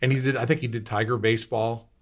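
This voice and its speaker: A man's voice: medium pitch, level tone, fast. A man in his sixties, a radio host, telling long rambling anecdotes in casual talk. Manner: rambling anecdotal, acts out quotes. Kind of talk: casual storytelling.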